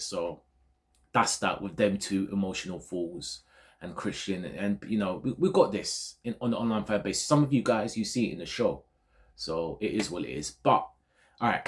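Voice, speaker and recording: A man from Ghana, a football vlogger, ranting casually about online fans in a digressive, repetitive way. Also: on the low side. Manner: animated, digressive, repeats himself.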